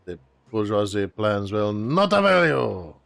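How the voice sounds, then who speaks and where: A man voicing a young male hero as a pompous proletariat revolutionary with a deliberately bad French accent. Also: on the low side, sing-song, vocal fry, fairly bright tone, dry recording, exaggerated voice. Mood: haughty. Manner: grandiose, declamatory, talks to enemies. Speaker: game commentator. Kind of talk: let's play voice role-play.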